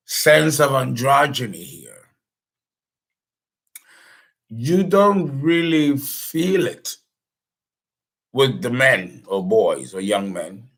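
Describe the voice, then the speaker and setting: A man's voice: mid-range voice, a bit bright, low-quality recording. A man talking as an astrologer, rambling through a casual lecture with many fillers and restarts. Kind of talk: casual lecture and phone call.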